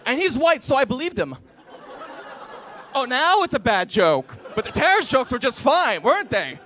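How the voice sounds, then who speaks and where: This comedian, a man in his 20s, talks fast in a high voice with big pitch swings and a bit of brightness. He performs a college stand-up set, telling stories and portraying family members and strangers as the audience laughs.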